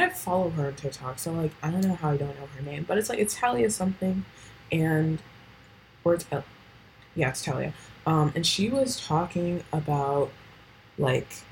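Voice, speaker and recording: A woman's voice: on the low side, a little mellow, slight background noise, low-quality recording. A teenage girl hosting a casual solo podcast, rambling with lots of fillers and swearing. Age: teens. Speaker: podcast host.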